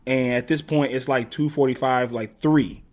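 A man's voice: mid-range voice, normal speed. A man in his thirties from the Gulf Coast South, telling stories as a podcast guest and acting out what people said. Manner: animated storyteller, acts out quotes. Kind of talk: casual storytelling interview.

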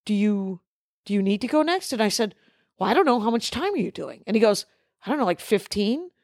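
A woman's voice: medium pitch, very animated, fairly quick, a little mellow, no room sound. Dry-miked woman telling a rambling story. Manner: rambling anecdotal delivery, acts out quoted dialogue. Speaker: podcast co-host. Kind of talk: casual storytelling chat.

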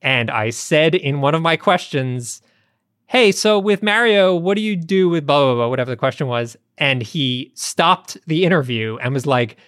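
Relaxed chatty podcast man. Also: mid-range voice, moderate pace, few pauses, no echo, studio quality. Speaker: podcast co-host. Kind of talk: casual chat and anecdotes.

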